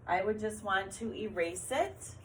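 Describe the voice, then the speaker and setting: A woman teacher giving a recorded lesson to young children, talking slowly and clearly as she writes and encourages them. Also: medium pitch, lively intonation, a bit bright. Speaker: kindergarten teacher.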